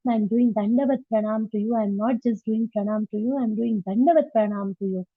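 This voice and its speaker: A woman's voice: a little high, fast, dry recording. A woman with an Indian English accent teaching a devotional scripture class online, emphatic and repetitive, posing rhetorical questions. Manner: emphatic, repeats points, asks rhetorical questions. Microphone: online class over a call. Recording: tinny phone-like line, dry.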